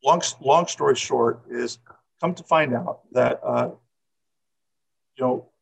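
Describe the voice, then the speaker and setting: Middle-aged man, coach, heavy vocal fry, husky tone, rambling personal story full of fillers. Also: medium pitch, takes it slowly, rough recording. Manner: rambling, repeats words, many fillers.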